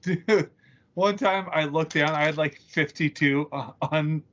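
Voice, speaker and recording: Male podcast co-host, higher voice, teasing banter, dull audio. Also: unhurried, a bit bright. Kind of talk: casual chat.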